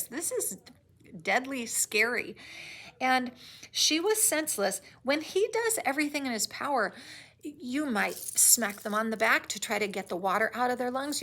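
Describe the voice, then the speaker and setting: A woman's voice: fairly high pitch, bright, forceful tone. A woman teacher recapping a novel chapter, reading passages aloud and adding conversational asides to the listener.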